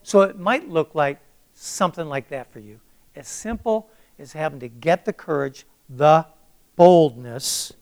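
An older man delivers a sermon, reading scripture with booming emphasis before shifting into a plain, conversational personal story. His tone is somewhat dark.

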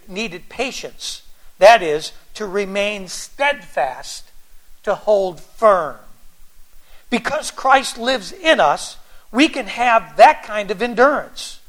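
A man's voice: high voice, fairly bright tone. A man preaching a sermon as pastor, reading scripture aloud and building to fervent, emphatic passages.

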